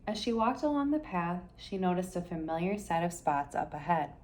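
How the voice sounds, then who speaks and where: A woman reading a children's picture book aloud in an expressive, gentle storytelling manner. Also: lowish voice, normal speed. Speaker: storybook reader.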